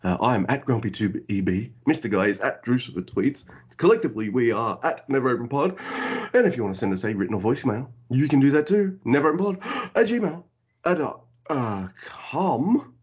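A man's voice: mid-range voice, expressive, a little fast, slightly rough. A man hosting a podcast in casual chat, goofy and full of playful wordplay. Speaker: podcast host. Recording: dull lo-fi audio.

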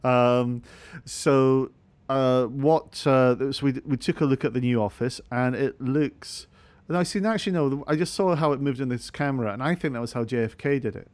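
A man's voice: medium pitch, moderate pace, a little mellow, smooth. Rambling Scottish man hosting a podcast. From Scotland. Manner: rambling, self-mocking, many fillers. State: sleep deprived. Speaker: podcast host. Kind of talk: casual podcast chat.

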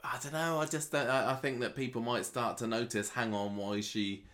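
A man's voice: medium pitch, fairly even intonation, a little fast, fairly bright tone. A man co-hosting a podcast, chatting about a soap with wry jokes. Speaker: podcast co-host. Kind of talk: casual chat about a soap.

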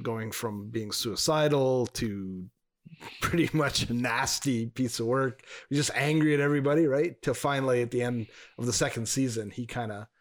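A man of ordinary pitch co-hosting a casual podcast chat. He rambles through a story, restarting his sentences as he goes. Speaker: podcast co-host.

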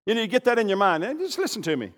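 An older man preaching a sermon, animated, swinging from loud bursts to hushed asides. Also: high voice, racing. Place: church sanctuary. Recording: long reverb of a large hall.

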